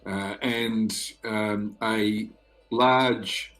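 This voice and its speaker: A man narrating as game master for a tabletop game, halting with many fillers and pauses. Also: fairly low pitch, fairly even intonation, fairly bright tone.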